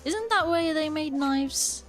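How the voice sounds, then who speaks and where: A woman's voice: high-pitched, lively intonation, slow, faint music behind. A woman streamer chatting casually and playfully as she plays a game, giggling at her own slips. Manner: giggly, playful self-commentary.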